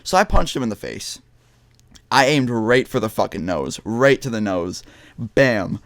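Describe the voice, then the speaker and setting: A man's voice: medium pitch, lively intonation, a little slow, dry recording. Young male vlogger, blunt and profane storyteller, mid-range voice, dry close mic. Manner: blunt, heavy swearing, many restarts. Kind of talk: casual storytelling to camera.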